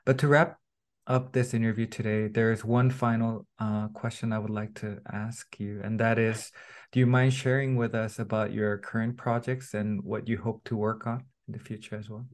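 A man hosting a podcast interview, speaking in a measured, formal and polite way. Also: fairly low pitch, little pitch movement. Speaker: podcast host.

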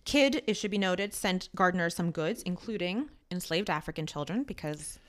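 A woman's voice: lowish voice, expressive, moderate pace. A woman co-hosting a podcast, telling a history story casually with many asides. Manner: chatty, with frequent "um" and asides. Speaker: podcast co-host.

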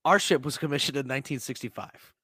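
A man hosting a podcast, telling a swearing, animated story in casual chat. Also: medium pitch, fast talker, a crowd in the background. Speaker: podcast host.

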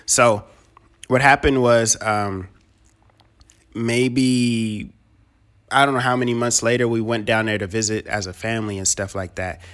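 A man's voice: mid-range voice, steady tone, measured pace, pauses often, a bit bright. A man in a casual podcast chat, telling a family story in a rambling, hesitant way full of fillers.

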